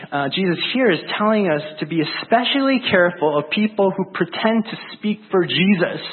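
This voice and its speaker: A man's voice: a little high, husky. A man who is a pastor, preaching a conversational sermon in a casual, chatty way with many fillers. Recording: phone-like narrow band.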